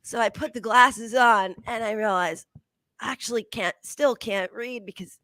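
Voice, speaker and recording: A woman's voice: on the high side, moderate pace, pushed and bright, no room sound. Self-assured actress-comedian impersonated by a woman, confident host delivery, dry close sound. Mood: reminiscing. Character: famous middle-aged actress-comedian hosting, self-assured.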